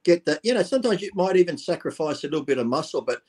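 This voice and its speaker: A man's voice: a little high, lively intonation, very fast, a little mellow. Blunt, swearing man telling stories. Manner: blunt, swears, tells anecdotes with quoted dialogue. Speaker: guest. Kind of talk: casual interview storytelling.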